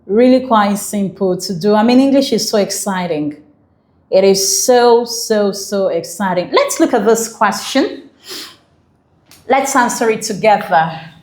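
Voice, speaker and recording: A woman's voice: mid-range voice, animated, unhurried, darkish tone, reverberant. A woman teaching English for an exam, enthusiastic and repeating key phrases while asking the viewer questions. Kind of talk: exam prep lesson.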